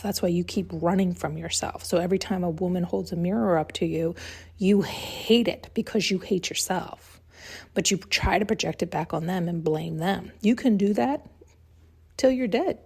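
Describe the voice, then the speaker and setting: A woman's voice: fairly low pitch, vocal fry, darkish tone, slightly rough. A woman hosting a podcast, giving a blunt, heated solo monologue during an intuitive reading and swearing freely. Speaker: podcast host.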